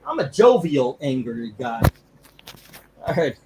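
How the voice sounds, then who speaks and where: A man's voice: on the high side, expressive, measured pace, heavy background noise. A man hosting a live comic book auction stream, chatting casually and rambling with jokes, feeling sick from food poisoning. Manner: rambling, jokey, laughs easily.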